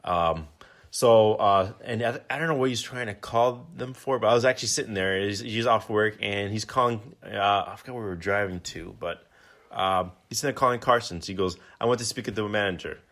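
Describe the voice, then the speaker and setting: Man, lowish voice, easygoing podcast host, loose rambling storyteller. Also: normal speed. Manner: relaxed rambling storyteller, explains game rules. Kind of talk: casual chat, storytelling.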